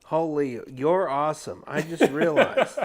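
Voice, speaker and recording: A man's voice: fairly high pitch, a little slow. A man hosting a casual podcast, a playful joker who breaks into laughter. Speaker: podcast host.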